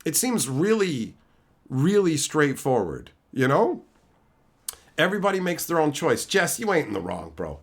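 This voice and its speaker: Speaking a little slowly, with a fairly high pitch and big swings in it, this American man runs a livestream where he rants bluntly, swears all the time, responds to chat and performs both sides of an argument. The talk is a casual, profane rant.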